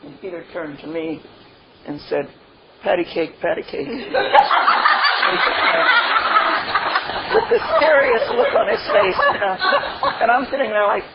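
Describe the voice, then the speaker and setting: Speaking over a loud crowd, an older woman with a mid-range voice tells her recovery testimony, very animated and at a moderate pace. Heartfelt and laughing, she says "you know" a lot. The sound is dull and lo-fi with faint noise.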